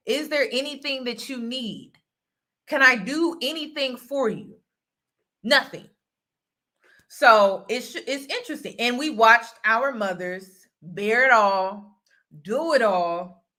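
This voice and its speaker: A woman from the United States talks straight to her viewers in a casual vlog monologue, her voice slightly high and very bright. She speaks earnestly and circles back to repeat her key phrases for emphasis. The tone stays close and conversational. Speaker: host and mentor.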